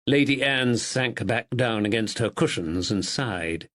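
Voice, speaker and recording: A man reading a mystery audiobook in a measured, expressive style. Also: on the low side. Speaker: audiobook narrator. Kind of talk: scripted narration.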